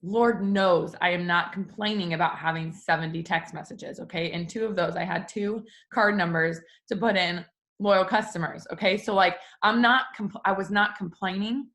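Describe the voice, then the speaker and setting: Chatty woman with a lowish voice. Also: steady tone, moderate pace, fairly bright tone. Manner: chatty, addresses viewers directly; acts out quoted exchanges in a higher voice. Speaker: small business owner vlogger. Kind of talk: casual storytelling vlog.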